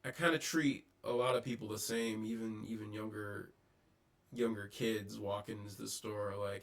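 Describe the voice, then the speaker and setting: A man with a lowish, gravelly voice talks through his thoughts in a casual vlog. He hesitates often, filling gaps with ums and starting sentences over. The audio is poor, as if the mic sits some distance away. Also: fairly even intonation, a bit bright. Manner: halting, many ums and restarts. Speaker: vlogger. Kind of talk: casual reflective monologue.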